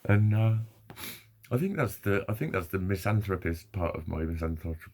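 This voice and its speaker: A man talks straight to camera in a rambling, sweary, self-deprecating vlog. His voice is low and gravelly, with a husky, rough grain. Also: expressive, normal speed, a little mellow. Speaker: vlogger. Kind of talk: casual monologue.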